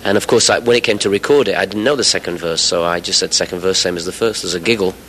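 A man's voice: sits low, quick pace, a bit bright, slight background noise, rough recording. A man in his forties from England, chatting as the guest in a radio interview, rambling with fillers and the odd laugh. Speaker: musician guest.

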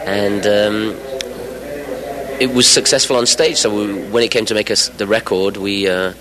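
A man's voice: lowish voice, steady tone, measured pace, crowd noise, low-quality recording. A man in his forties from England, chatting as the guest in a radio interview, rambling with fillers and the odd laugh. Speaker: musician guest.

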